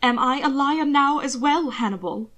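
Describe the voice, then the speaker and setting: A woman's voice: high-pitched, moderate pace, a bit bright, voice pushed up. Tense young husband pushing back, shaky but stubborn , as a woman reads him. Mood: defiant. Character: frightened but defiant young husband, a man. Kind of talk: audiobook reading of fan fiction.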